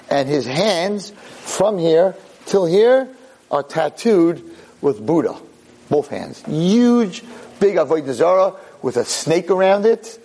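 A man, a rabbi, telling a story to an audience in an animated, wry way, often breaking off and restarting. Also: fairly high pitch, vocal fry, low-quality recording. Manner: animated, self-interrupting, wry.

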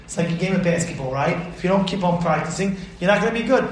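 A man's voice: high voice, lively intonation, fast talker. A man, a rabbi, giving an emphatic Torah class lecture, repeating his points and putting questions to his listeners. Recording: roomy echo.

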